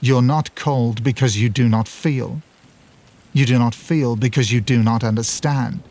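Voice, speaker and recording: A man reading as a dead mother's spirit, calm and measured, firm in tone. She speaks steadily and without hurry in a horror audio story. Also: medium pitch, lightly acted.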